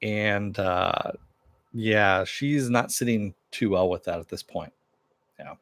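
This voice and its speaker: A man's voice: on the low side, takes it slowly, a bit bright, no room sound. A man giving a casual recap of a TV episode, retelling it loosely with fillers and asides. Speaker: TV episode reviewer.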